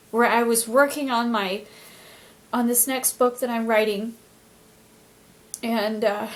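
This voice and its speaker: A woman vlogger telling a personal story in an earnest, emotional way, faltering and restarting often. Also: on the high side.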